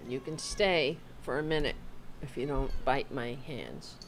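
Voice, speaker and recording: A woman's voice: extremely low pitch, a little slow, a little hiss or hum. Sarcastic woman hosting a livestream. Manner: sarcastic, scolding, rambling asides. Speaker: host of a political livestream. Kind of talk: live-streamed political commentary. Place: at home with her dog.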